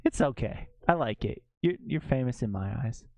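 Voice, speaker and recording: Giggly excitable male streamer. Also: mid-range voice, normal speed, very noisy. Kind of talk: casual chat.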